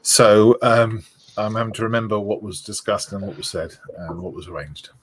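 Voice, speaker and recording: A man's voice: fairly low pitch, moderate pace, a little hiss or hum, poor audio. A man with a southern English accent, a guest on a livestream chat, rambling and self-mocking. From southern England.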